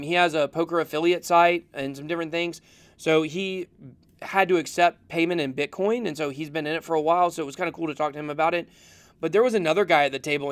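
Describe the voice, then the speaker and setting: Smooth-voiced man rambling through livestream comments. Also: a little high, dry recording. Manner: rambling, many fillers, chuckles. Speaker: crypto livestream host. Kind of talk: casual livestream chat reading comments.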